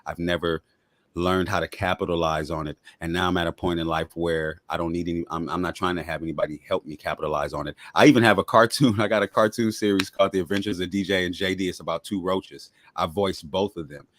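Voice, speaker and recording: A man with a strikingly deep voice chats as an interview guest, quick and laid-back as he talks up his projects. The sound is dry and close, with no room around it. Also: fairly even intonation, fairly bright tone, no echo. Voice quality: deep voice others remark on. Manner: laid-back, self-promoting, quick-talking. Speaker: guest, rapper and podcaster. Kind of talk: casual interview chat.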